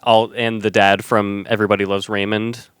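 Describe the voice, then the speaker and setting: Podcast co-host, male, bright lively delivery, dry close mic, jokey. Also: fairly low pitch, moderate pace, clean tone, dry recording. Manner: jokey, breaks into silly impressions. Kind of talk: casual movie chat.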